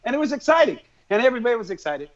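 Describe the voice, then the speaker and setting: Excitable rambling man, high voice. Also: very fast. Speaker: musician guest. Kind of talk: casual chat. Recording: dull lo-fi podcast audio.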